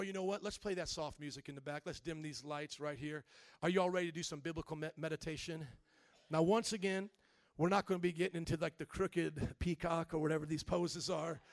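A man in his thirties preaching a sermon, joking with the congregation and then slowing into soft, calm reading. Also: high-pitched, no echo, clean studio sound. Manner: animated, jokey preaching that drops to a slow soft voice. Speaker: pastor.

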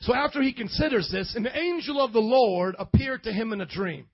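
A man preaching a sermon, calling on the congregation to answer him and building up to shouts. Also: very high voice, animated, brisk, few pauses, breathy edge, muffled recording. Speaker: pastor.

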